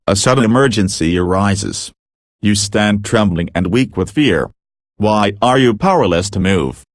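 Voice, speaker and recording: A man reading a book aloud in measured, earnest scripted narration. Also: on the low side, dry recording, studio quality. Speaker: audiobook reader.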